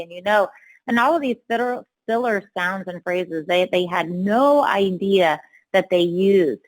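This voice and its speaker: Woman coach, mid-pitched, measured delivery that leans on key words. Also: poor audio. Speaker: communication coach. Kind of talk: instructional talk.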